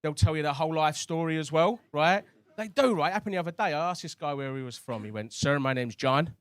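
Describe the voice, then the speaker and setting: A stand-up comedian works a comedy club crowd. He is chatty and cheeky, with a fairly high voice for a man, speaking into a stage mic. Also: lively intonation, quick pace, clear, resonant tone, no room sound.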